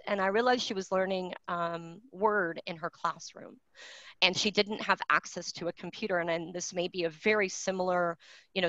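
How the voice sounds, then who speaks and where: A woman's voice: lowish voice, a bit bright, no room sound. A woman in her forties giving a virtual graduation address, talking candidly and conversationally with many fillers and restarts, heard over a video call. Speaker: keynote speaker. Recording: dry, dull lo-fi video call audio.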